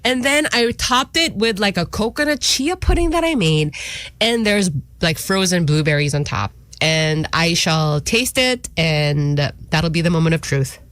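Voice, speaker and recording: A woman's voice: lowish voice, animated, unhurried, a bit bright, no room sound. Chatty woman co-host. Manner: chatty, laughs easily, mixes in Tagalog words. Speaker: radio morning show co-host. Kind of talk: casual banter.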